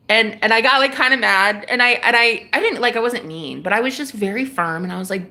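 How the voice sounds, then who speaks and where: A woman's voice: medium pitch, brisk, few pauses, bright, forceful tone. A woman hosting a livestream, talking casually about spirituality and acting out phone calls in quoted voices. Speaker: livestream host.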